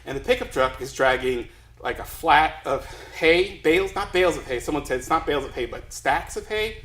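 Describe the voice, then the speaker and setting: Male storyteller, self-deprecating, rambling live comic delivery; high-ish bright voice, echoey room. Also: animated, a little fast. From Los Angeles, USA.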